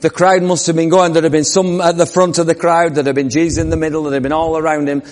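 A man with a slightly high voice preaches a sermon at a quick clip, his delivery flat as he recounts the story vividly and puts questions to the congregation. The long reverb of a church hall fills the recording.

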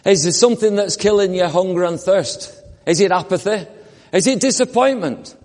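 A man preaching a conversational, animated sermon that acts out the people in the story. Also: high voice, moderate pace, big-room sound.

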